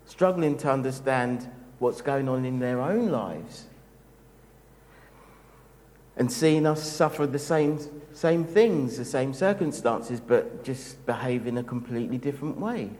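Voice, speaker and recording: Slow, gentle man preaching in a hall. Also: mid-range voice. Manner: gentle, reflective, unhurried. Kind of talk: sermon.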